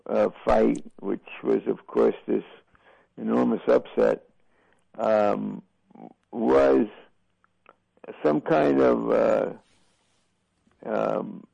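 Older male broadcaster in an interview, deep gravelly rasp, unhurried and halting, on a dull lo-fi recording. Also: steady tone, warm tone, no echo. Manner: slow, halting storytelling with many fillers. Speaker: boxing broadcaster. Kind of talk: reflective interview answers.

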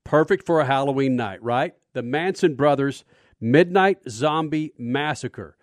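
A man's voice: mid-range voice, measured pace, dry recording. A man hosting a radio talk show, brash and upbeat, reading promos and slangy plugs.

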